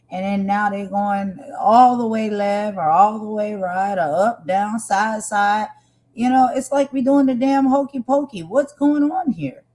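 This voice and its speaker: A woman hosts a live stream, speaking with passion and emphasis, repeating her points and addressing her viewers directly. Her voice is somewhat high and a bit mellow, and the audio quality is poor.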